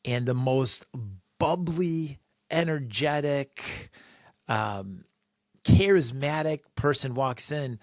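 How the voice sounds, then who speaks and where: Animated male storyteller. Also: mid-range voice, a little slow, dry recording, studio quality. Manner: animated storyteller who acts out quotes. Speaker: podcast guest. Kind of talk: personal storytelling.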